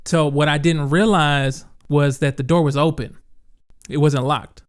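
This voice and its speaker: A man co-hosting a podcast, telling a story in animated casual chat with lots of "like" and "bro", often breaking into laughter. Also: a little high, unhurried, smooth. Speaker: podcast co-host.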